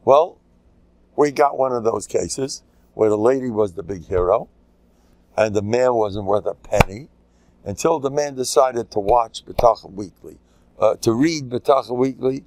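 A man's voice: medium pitch, measured pace, a little mellow, a little hiss or hum, low-quality recording. An older man, a rabbi from the USA, giving an informal, joking Torah class sprinkled with Yiddish and Hebrew terms.

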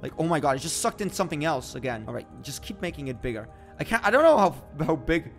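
A young man with a slightly higher voice gives excitable, joking let's-play commentary on a space sandbox game. He reacts out loud all the time, and faint music plays underneath. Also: quick pace. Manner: excitable, joking, exclaims often. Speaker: gaming YouTuber. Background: faint background music.

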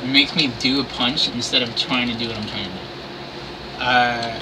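A man's voice: mid-range voice, a little slow, far from the mic, noisy background. Cursing man griping at a video game. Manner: animated, swears and complains at the game. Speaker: streamer playing a wrestling video game. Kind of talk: livestream play-by-play commentary.

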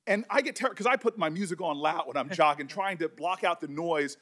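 An impassioned middle-aged man speaks at a formal hearing, his voice sitting higher than most men's. He talks with deep emotion and keeps stumbling and restarting his words as feeling catches up with him. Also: brisk, fairly bright tone. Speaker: senator. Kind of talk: speech at a hearing.

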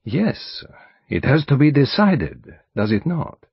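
Guy putting on an old detective, smug and calm, voice bouncing up and down, kinda muffled. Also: medium pitch, slow pace, husky, dry recording, pitched above the performer's own voice, exaggerated voice. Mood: courteous. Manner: precise, placid, courteous. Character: fastidious elderly male detective, calm, self-assured. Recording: dull studio audiobook recording.

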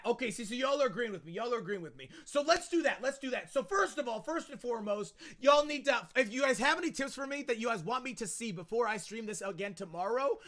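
A man streaming a video game live, excitable and loud, chatting with viewers and often repeating his phrases. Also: very high-pitched. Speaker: gaming streamer. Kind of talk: energetic livestream chat.

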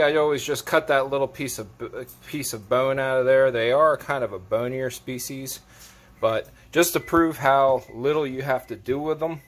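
A man with a voice of ordinary, mid-range pitch talks through a simple home cooking job in a relaxed, plain-spoken way. He is a fishing captain explaining each step as he works in his kitchen. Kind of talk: casual how-to cooking vlog.

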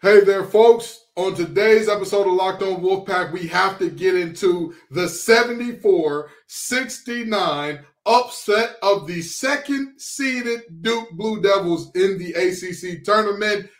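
A man co-hosting a sports podcast, talking with animated, playful energy and fired-up calls to the fans. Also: sits high, unhurried, few pauses, roomy sound, soft background music. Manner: animated, preacher-like exhortations, playful trash talk. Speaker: podcast co-host, former college football player. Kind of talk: excited sports podcast talk.

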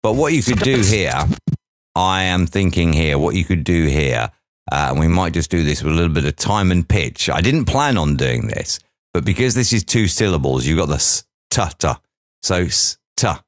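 A man's voice: sits low, animated, moderate pace, no echo, clean studio sound. A man teaching audio editing, talking through each step aloud with chatty asides. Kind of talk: software tutorial walkthrough.

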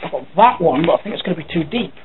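An English man chats loosely to camera, wandering from one thought to the next with the odd curse. His voice sits a little high for a man. The recording is tinny and narrow, like a phone call, with a faint hiss behind it. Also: expressive, rapid-fire. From England. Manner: rambling, thinking aloud, swears casually. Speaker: vlogger. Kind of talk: casual talking to camera.

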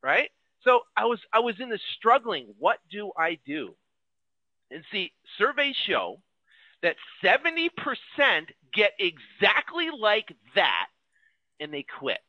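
Man from the US, real estate coach, high and lively delivery, slightly dull dry recording. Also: unhurried, no room sound. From United States. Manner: animated storytelling, acts out his own past fears. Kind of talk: motivational sales pitch.

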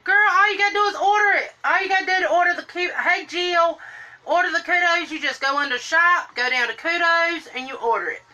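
A woman's voice: very high voice, brisk, bright, forceful tone. A woman, chatting on a live stream while doing her makeup and greeting viewers by name in a sing-song lilt. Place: home room, indoors.

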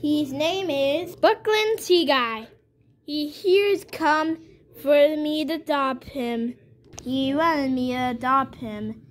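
Woman doing a baby toy, naive, earnest, high voice, slow halting storytelling, homemade toy story. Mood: plain. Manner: rambling, halting storytelling with restarts.

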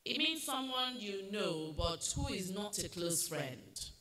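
Bright, slow-spoken woman at a spelling bee. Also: medium pitch, expressive. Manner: slow, deliberate pronunciation, firm instructions. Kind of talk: reading words and judging spellings. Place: school competition hall. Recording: echoey hall, faint noise.

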